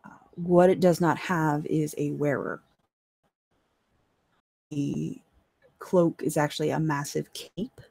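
A woman running a tabletop game as dungeon master, describing scenes in a calm, measured way with many fillers. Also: deep voice, creaky, breathy edge, dry recording.

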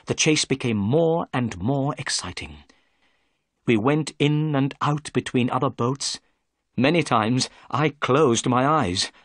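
Guy reading a simple english story aloud, clear, animated pitch, dry close mic. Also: dry recording. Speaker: narrator. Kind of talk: graded-reader story narration.

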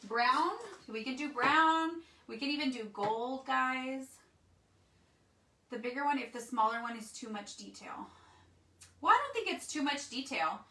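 A woman's voice: high voice, animated, a little slow, pushed and bright. Chatty woman hosting a craft livestream. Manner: chatty, talks to viewers as guys. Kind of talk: casual live craft demo, reading comments. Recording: roomy echo, mic at a distance, faint background noise.

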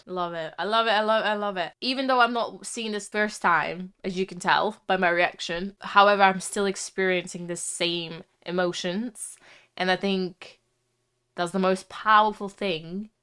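A woman's voice: medium pitch, steady tone, moderate pace, pushed and bright, clean tone. A young woman giving chatty, heartfelt commentary while reacting to a music video. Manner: chatty, heartfelt, frequent "like" fillers.

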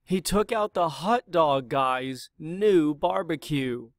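Slow, expressive man reading a picture book. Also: a little high, no echo, studio quality. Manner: expressive, dramatic read-aloud. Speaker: storyteller.

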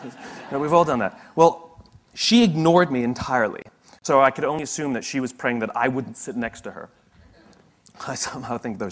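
A man giving a motivational talk, telling stories in a conversational way with humorous asides. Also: mid-range voice. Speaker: motivational speaker.

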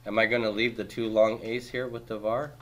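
A man teaching a class, reviewing homework by asking brisk questions and cracking dry jokes. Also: fairly low pitch, little pitch movement. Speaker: Hebrew teacher.

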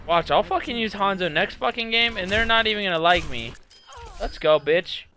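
A young man raging and swearing through live gameplay commentary, yelling at opponents. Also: high-pitched, animated, moderate pace, a little hiss or hum. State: angry and agitated. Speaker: gaming streamer.

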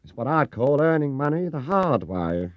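A man voicing a brisk, no-nonsense elderly housekeeper woman in a dry, matter-of-fact way. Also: medium pitch, big pitch swings, dry recording, pitched above the performer's own voice, natural voice. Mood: wry. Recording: muffled 1970s cassette recording.

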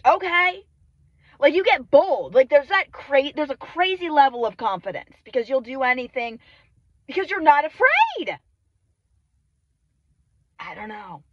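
A woman's voice: sits high, lively intonation, moderate pace, dry recording, dull audio. A young woman vlogging from her phone at arm's length, rambling through sweary, self-mocking comic tangents. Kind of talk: rambling comedic vlog monologue. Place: in and around a car. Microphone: phone held at arm's length.

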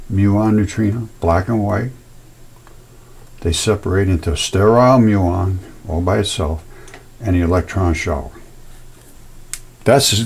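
Husky, lively-voiced man explaining. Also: lowish voice. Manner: folksy, emphatic, with sound effects and repetitions. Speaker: presenter of fringe science videos. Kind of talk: casual explanatory talk over pictures.

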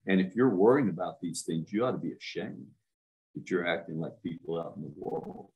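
A man with a low, deep voice preaches a sermon as a minister. He drives his points home by repeating words over and over, and he puts direct questions to his listeners. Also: lively intonation, fairly quick, gravelly, darkish tone, lo-fi sound. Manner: emphatic, repeats words for stress.

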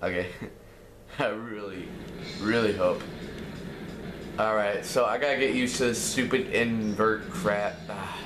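A man's voice: lowish voice, steady tone, takes it slowly, pauses often, background noise. A man doing casual let's play commentary, ranting in frustration and swearing often. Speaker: gamer. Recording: roomy echo with faint game music.

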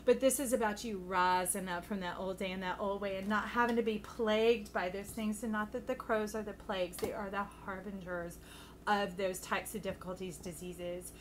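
A woman giving a casual, chatty tarot reading to her viewers, affectionate and quick to laugh. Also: medium pitch, fairly even intonation, a little hiss or hum. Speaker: tarot reader.

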